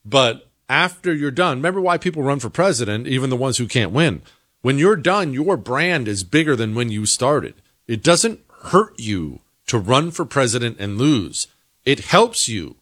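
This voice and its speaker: A man's voice: mid-range voice, big pitch swings, moderate pace, a bit bright, no room sound, studio quality. Opinionated man hosting a commentary show. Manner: opinionated, emphatic. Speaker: host. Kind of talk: political commentary monologue.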